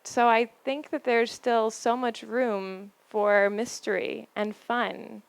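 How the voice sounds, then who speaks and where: A woman's voice: a little high, little pitch movement, vocal fry, clean tone, dry recording. Playful, laughing woman giving a talk. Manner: playful, laughs often, builds up lines with pauses. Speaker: speaker giving a talk on relationships. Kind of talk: storytelling talk to a live audience.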